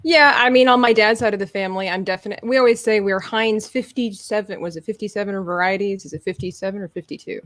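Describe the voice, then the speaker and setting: A woman co-hosting a live podcast, chatty and quick to laugh. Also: medium pitch, fairly bright tone, no echo. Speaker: podcast co-host. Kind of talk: casual live-stream chat.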